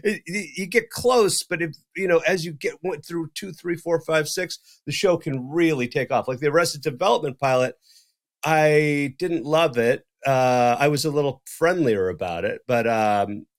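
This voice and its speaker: Middle-aged male co-host, slightly high voice, loose and profane, plays out every line of dialogue as he tells it. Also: moderate pace. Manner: profane, animated, acts out quoted dialogue. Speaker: podcast co-host. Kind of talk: casual storytelling chat.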